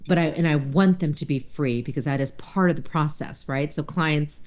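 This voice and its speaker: Low-voiced woman on a muffled mic. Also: moderate pace, a little mellow. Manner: rambling, goes off on tangents. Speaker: therapist. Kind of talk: casual podcast chat.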